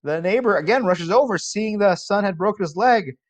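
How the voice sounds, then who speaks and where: A man lecturing as a college philosophy professor, conversational and posing rhetorical questions, animated when telling a story. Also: high-pitched, brisk.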